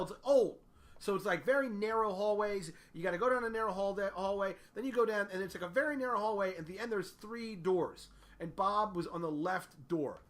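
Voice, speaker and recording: A man's voice: high-pitched, a bit bright. A man telling a rambling, profane, self-deprecating comic story in a casual way.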